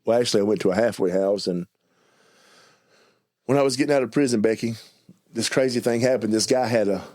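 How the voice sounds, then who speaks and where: A middle-aged man with a Southern US accent telling his life story in a casual interview, mumbling and stuttering now and then and talking fast in bursts. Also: on the low side, darkish tone. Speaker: guest telling his testimony.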